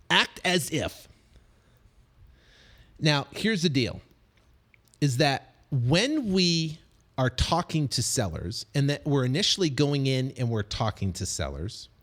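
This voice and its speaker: A middle-aged man gives a casual motivational talk about dealing with sellers. His pitch climbs and falls a lot as he gets worked up. He restarts sentences, leans on fillers and now and then jumps into quick acted lines of other people. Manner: animated, repetitive, many fillers and restarts; acts out quick snippets of other voices. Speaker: real estate investing coach.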